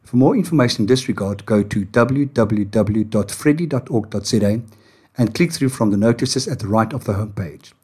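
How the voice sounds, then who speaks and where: A man's voice: on the low side, fairly quick, darkish tone, slightly rough. A South African man from Johannesburg, an Afrikaans speaker, hosting a podcast and chatting with a guest in a self-deprecating, storytelling way. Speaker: podcast host. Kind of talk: podcast interview.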